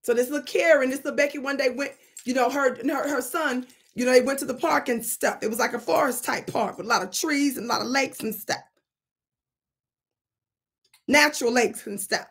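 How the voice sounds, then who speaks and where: Woman channel host, high voice, animated and preachy storytelling. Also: fast talker, few pauses, husky. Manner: animated and preachy, plays with words. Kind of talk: storytelling commentary monologue.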